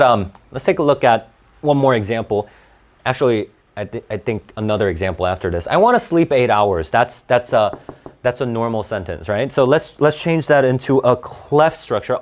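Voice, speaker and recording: A man's voice: mid-range voice, big pitch swings, moderate pace. A man teaching a grammar lesson to a class, restarting words often and checking in with "right?".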